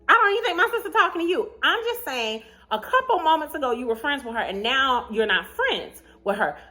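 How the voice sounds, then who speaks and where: Woman, vlogger, casual storytime, high voice, swooping animated delivery, sassy, frequent laughter. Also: a little fast. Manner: animated and sassy, acts out both sides of the chat; laughs often while telling. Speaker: vlogger telling a dating story.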